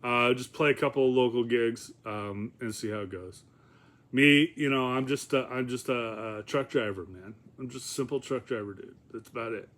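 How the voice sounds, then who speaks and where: A man's voice: mid-range voice, moderate pace, fairly bright tone. A man talking casually in a rambling, profane vlog, with many fillers and chuckles. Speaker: vlogger.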